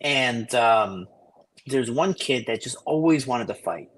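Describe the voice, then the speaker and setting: Profane, animated storytelling man. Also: mid-range voice, slow pace. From Cicero, Illinois area. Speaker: podcast co-host. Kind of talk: casual podcast chat, storytelling. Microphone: remote call over shaky Wi-Fi.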